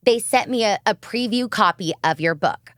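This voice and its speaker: A woman's voice: medium pitch, moderate pace, a bit bright, dry recording, studio quality. A woman with a Southern American accent co-hosting a podcast, gushing and giggly in casual chat. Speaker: podcast co-host.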